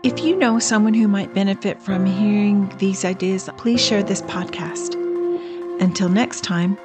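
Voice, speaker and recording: A middle-aged woman hosting a podcast, talking through a scripted, personal reflection in an earnest, measured way. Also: mid-range voice, music in the background. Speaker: podcast host.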